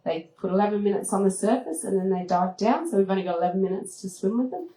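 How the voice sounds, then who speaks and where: Female travel host telling a story live, lively and laughing, medium pitch, echoey room. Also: fast. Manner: lively, laughs often, acts out moments with high squeals. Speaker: travel TV host giving a talk. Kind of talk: animated storytelling to an audience. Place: event room at a retreat. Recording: roomy echoing hall.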